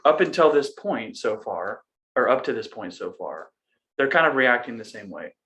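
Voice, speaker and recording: A young man with a bright, forward voice leads a relaxed Bible study chat. He reads verses aloud in an easy, joking way and breaks off for banter. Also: mid-range voice, moderate pace. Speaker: podcast co-host.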